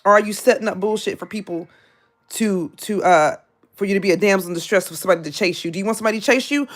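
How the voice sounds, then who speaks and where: A woman's voice: medium pitch, rapid-fire. A woman, giving a live tarot reading in a blunt, scolding, profane way and repeating her points. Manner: repetitive, confrontational. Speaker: tarot reader.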